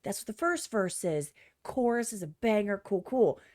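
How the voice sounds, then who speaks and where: A woman streamer with a mid-range, slightly mellow voice gives blunt, profane reaction commentary on a music video at normal speed. She's animated and often mimics other people in exaggerated voices. The recording is dry and studio quality.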